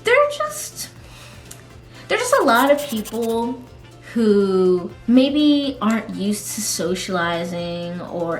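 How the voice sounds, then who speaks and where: A woman vlogger chats through her stories in a casual, animated way, laughing often. Her voice sits a little high and swings widely in pitch. The room adds an echo, with faint music playing underneath. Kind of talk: casual storytelling vlog.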